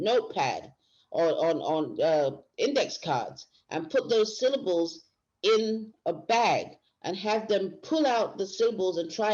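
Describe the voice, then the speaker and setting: A woman instructor with a lowish voice and darkish tone leads a workshop lecture. Her explanations proceed step by step with frequent restarts, captured in a dull lo-fi recording.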